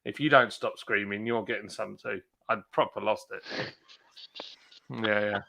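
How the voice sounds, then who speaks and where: Bright-voiced man telling stories. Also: lowish voice, a little slow, creaky. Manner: animated storyteller, acts out shouting. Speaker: streamer host. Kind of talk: casual chat.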